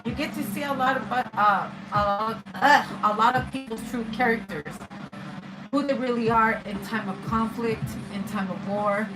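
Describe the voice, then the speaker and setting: Slightly high-voiced woman reader, loose and profane, streetwise delivery, music bed underneath. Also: normal speed, low-quality recording. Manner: rambling, profane, streetwise slang. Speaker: tarot reader. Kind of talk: casual spiritual reading monologue. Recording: music playing behind.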